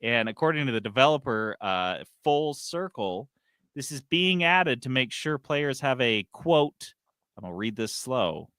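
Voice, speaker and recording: A man co-hosting a gaming podcast, reading news and ranting in a casual, animated way with frequent swearing. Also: mid-range voice, measured pace, smooth, no echo, clean studio sound. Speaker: podcast co-host.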